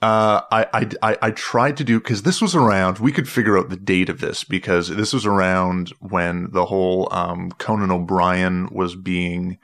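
A man with a very low voice in a relaxed conversation. He rambles through his story with frequent stops, restarts and filler words. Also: normal speed, few pauses. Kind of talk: casual chat.

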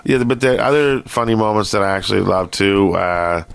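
A man's voice: lowish voice, moderate pace, vocal fry, smooth. A man hosting a podcast, chatting casually and rambling with many fillers and restarts. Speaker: podcast host. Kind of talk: casual chat.

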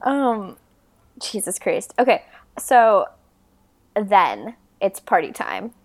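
A woman's voice: medium pitch, big pitch swings, takes it slowly. A young woman co-hosting a podcast, casually recapping a movie with lots of ums and cheerful swearing. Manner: rambling, many ums, swears freely, mock voices for characters. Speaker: podcast co-host.

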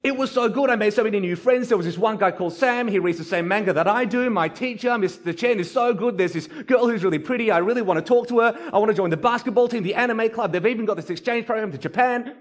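Excited young boy home from school, put on by a man, bubbly, tumbling words, pitched up. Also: fast, hardly any pauses, close to an everyday voice. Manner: breathless, gushing rush of words.

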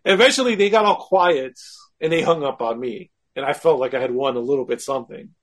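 Speaking briskly at medium pitch, a male guest shares a personal story in casual conversation, animatedly mocking himself as he acts out what he was thinking.

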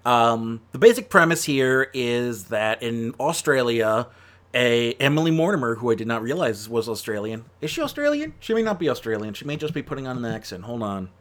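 A man talking through a film review in a loose, conversational way. He rambles, restarts his sentences and fills pauses with ums and uhs, and his pitch sits in an everyday middle range. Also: very animated, fairly bright tone. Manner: rambling and chatty, full of fillers and self-corrections. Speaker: movie reviewer. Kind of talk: casual spoken film review.

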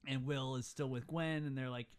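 A man's voice: mid-range voice, clear, resonant tone. A man in casual conversation, retelling a film scene by scene and briefly mimicking its characters. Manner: fast, animated retelling with quick impressions of characters. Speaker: podcast co-host. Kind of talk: casual chat recapping a film.

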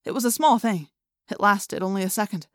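A woman's voice: mid-range voice, fairly quick, a bit bright, no echo, clean studio sound. Woman narrating a tense audiobook. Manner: tense first-person storytelling. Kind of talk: scripted narration.

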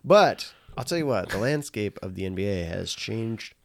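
A man's voice: on the low side, very animated, moderate pace, vocal fry. A man co-hosting a casual chat, teasing and sarcastic in a dry way.

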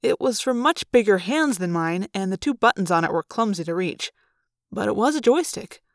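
A woman narrating a novel in first person with a plain, even telling. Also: mid-range voice, moderate pace, no room sound, clean studio sound. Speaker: audiobook narrator. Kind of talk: storybook narration.

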